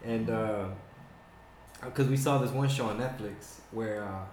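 A man chatting casually and telling stories, swearing often and animated. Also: fairly low pitch, unhurried, slight background noise. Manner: profane, animated storyteller. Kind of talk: casual chat. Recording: echoey room.

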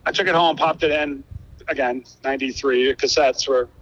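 A man being interviewed as a guest musician, telling a long story in a casual, profane, animated way. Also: mid-range voice, moderate pace, dry recording, lo-fi sound. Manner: animated, profane, acts out quoted dialogue.

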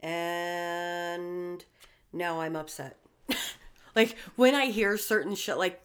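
A woman swapping stories in casual chat, cursing freely. Her voice sits slightly low, and she jumps into lively impressions of other people mid-story. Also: slow, clear, resonant tone. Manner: profane, animated storytelling with acted-out quotes.

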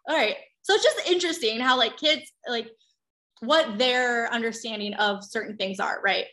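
Talking fairly quickly in a fairly bright voice, this woman, a mom in her thirties, shares a personal story casually and candidly. She curses freely and performs other people's lines with big pitch leaps.

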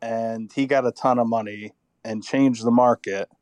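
A man's voice: medium pitch, fairly even intonation, normal speed, darkish tone, clean tone, no room sound. A man co-hosting a casual football podcast, rambling and thinking aloud, tired after an illness. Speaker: podcast co-host. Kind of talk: casual sports chat.

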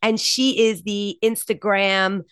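A woman's voice: medium pitch, little pitch movement, slow pace, fairly bright tone, clean tone, no room sound, studio quality. A woman co-hosting a podcast, chatting casually and enthusiastically about TV shows and laughing often. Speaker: podcast co-host.

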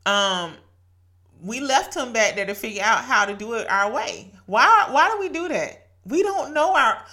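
Her voice fairly high and brightly forceful, with lively intonation, a woman in her late thirties or forties hosts a podcast at an unhurried pace. She offers an earnest, chatty devotional talk mixed with laughter and scriptural quotations.

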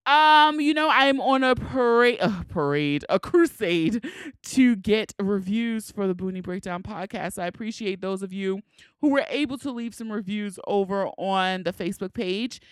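A woman's voice: medium pitch, animated, moderate pace, smooth, no room sound, studio quality. A woman with a Baltimore accent hosting her podcast, chatty and frank, laughing often. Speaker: podcast host. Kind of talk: casual podcast chat.

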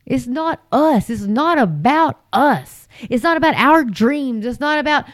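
A woman's voice: high-pitched, animated, measured pace, no echo. A woman giving impassioned religious commentary, emphatic and repetitive, with frequent fillers. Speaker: Christian commentator.

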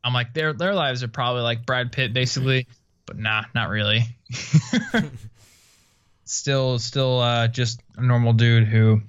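A man's voice: medium pitch, fairly even intonation, measured pace, pauses often, fairly bright tone, clean tone, muffled recording. Laid-back man chatting on a podcast. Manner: laid-back, rambling with many fillers and laughs. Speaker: podcast host. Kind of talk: casual chat.

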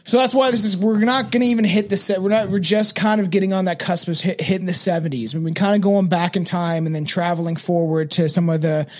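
A young man with a notably high, light voice chats through a true-crime podcast. He is casual and profane, leaning on fillers, and trips over words when reading his notes aloud. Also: steady tone, fast, few pauses. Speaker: podcast co-host leading the episode.

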